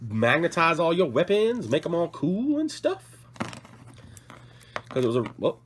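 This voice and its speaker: A man's voice: on the high side, wildly swooping pitch, measured pace, pauses often, slight background noise. Coughing sick man chatting at a hobby table. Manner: rambling, self-correcting, apologetic. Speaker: hobby channel host. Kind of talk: casual hobby vlog.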